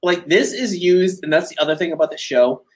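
A man's voice: a little high, brisk. A man co-hosting a podcast in casual chat, talking enthusiastically, swearing freely and laughing as he goes. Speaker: podcast co-host.

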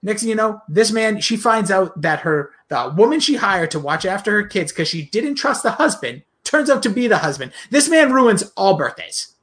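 A man's voice: high voice, big pitch swings, moderate pace, hardly any pauses, a bit bright. A man in his thirties co-hosting a casual movie review chat, rambling and joking and dropping into silly voices. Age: 30s. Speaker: podcast co-host.

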